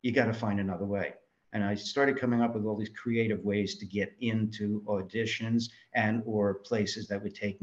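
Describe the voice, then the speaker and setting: A man from New York, a filmmaker, telling lively anecdotes in an interview and acting out the voices he quotes. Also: fairly low pitch. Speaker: guest filmmaker. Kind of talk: storytelling interview answers. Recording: dull lo-fi audio.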